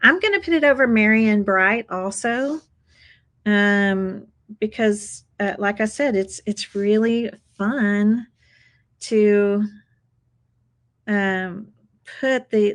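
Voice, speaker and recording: A woman's voice: mid-range voice, slow pace, low-quality recording. Chatty woman hosting a craft tutorial. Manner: chatty, upbeat, addresses viewers as "you guys". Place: craft table indoors.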